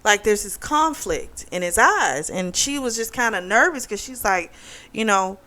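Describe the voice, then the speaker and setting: A young woman hosting a book club video, retelling a plot in a chatty, animated way with frequent laughs and fillers. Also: medium pitch, a little slow.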